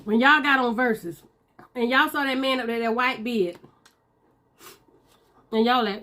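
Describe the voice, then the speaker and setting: A woman's voice: on the high side, expressive, measured pace, long pauses, fairly bright tone. A woman, chatting casually to her viewers while eating. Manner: chatty, talks to viewers as y'all, Southern US slang. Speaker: mukbang vlogger.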